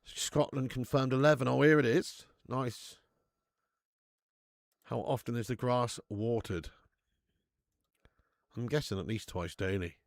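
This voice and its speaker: A man's voice: medium pitch, measured pace, creaky, pauses often, no room sound, clean studio sound. Slangy man hosting a live stream. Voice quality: slangy, jokey banter with frequent laughs. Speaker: football watch-along host. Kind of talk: live stream commentary and chat.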